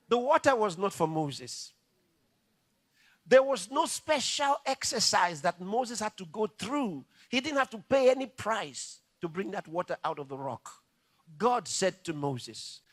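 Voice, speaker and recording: A male pastor preaching a sermon with animated, dramatic storytelling. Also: high-pitched, measured pace, dry recording.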